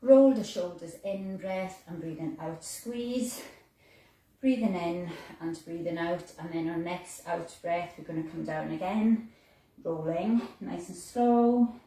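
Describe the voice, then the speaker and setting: A woman leading a home Pilates class, calmly talking through breaths and moves with gentle fillers, in a room in a house. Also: fairly low pitch. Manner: calm, slow cueing of breaths with fillers. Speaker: fitness instructor. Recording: roomy, distant mic with faint noise.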